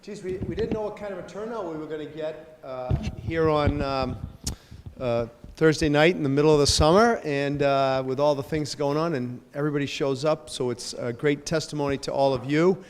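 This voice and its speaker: A man's voice: fairly high pitch, normal speed, a little hiss or hum. A man serving as parish pastor welcomes a gathering and introduces panelists in a chatty, rambling, self-joking way, with many fillers. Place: church or parish hall. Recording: long echoey hall reverb.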